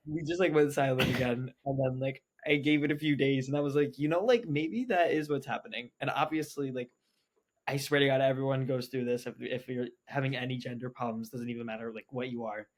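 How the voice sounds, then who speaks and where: A young man in casual podcast conversation, recounting his own story. He talks in a mid-range voice, full of "like" and quoted dialogue. The delivery stays loose and animated. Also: medium pitch, fairly quick. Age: young adult. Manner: animated, quotes himself, heavy use of "like". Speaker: podcast guest.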